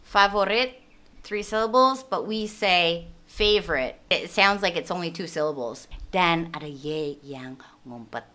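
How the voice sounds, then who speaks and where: A woman's voice: fairly low pitch, unhurried, bright, forceful tone. A woman, hosting a chatty commentary on pronunciation and mixing in Indonesian words. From Canada. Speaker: host. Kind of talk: casual commentary on English pronunciation.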